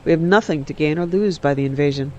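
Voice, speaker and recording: A man reading aloud and voicing a proud, aloof male mage in a measured manner. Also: fairly high pitch, dark tone, highs cut off, slight background noise, close to an everyday voice.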